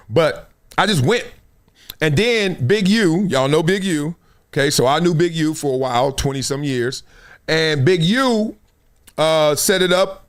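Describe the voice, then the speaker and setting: A man's voice: fairly high pitch, fairly bright tone. A middle-aged man with a Los Angeles accent hosting a live show, telling a casual story and acting out the scenes and quotes. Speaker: show host.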